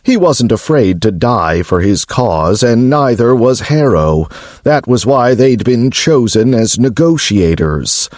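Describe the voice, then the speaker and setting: Slow-paced male audiobook narrator. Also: medium pitch, no room sound, clean studio sound. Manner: measured, even storytelling.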